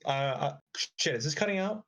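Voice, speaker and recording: A man chatting on an online voice call before an improv game, talking in halting restarts and swearing often. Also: on the high side, animated, a bit bright. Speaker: improv player. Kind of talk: casual chat on a voice call. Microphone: online voice chat mic.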